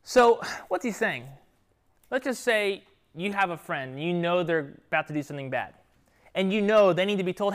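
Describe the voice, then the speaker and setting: Man, Bible teacher with a youth group, lively and conversational, tags lines with "right?". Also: high-pitched, normal speed. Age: adult with children. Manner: animated, keeps checking in with "right?" and "okay?".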